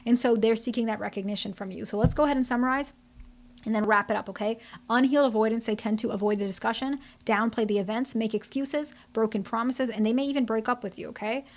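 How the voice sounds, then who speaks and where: A woman's voice: fairly high pitch, quick pace. Frank woman therapist giving advice. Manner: direct and frank, checks in with "okay?" and "right?". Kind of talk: relationship advice talk to camera.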